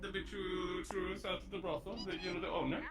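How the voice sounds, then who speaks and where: A man's voice: sits high, fairly even intonation, fast talker, echoey room, heavy background noise. A man in a roleplay chat, asking questions bluntly and swearing freely. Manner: inquisitive, blunt and profane.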